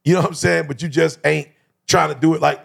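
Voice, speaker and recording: A man's voice: a little high, fairly even intonation, fast, vocal fry, slightly rough, no echo, clean studio sound. A man hosting a casual conversation, asking reflective questions. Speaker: host.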